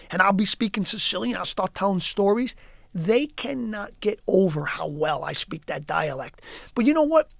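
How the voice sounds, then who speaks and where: Man from Yonkers, New York, fairly high voice, podcast guest, rambling anecdotes, lots of "you know". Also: gravelly, no room sound, clean studio sound. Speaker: guest actor. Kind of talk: casual podcast chat and storytelling.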